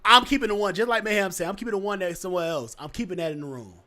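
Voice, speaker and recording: A man talking in a relaxed podcast chat, telling stories and swinging between an excited high voice and a deep, low one. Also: racing. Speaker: podcast co-host. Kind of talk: casual chat.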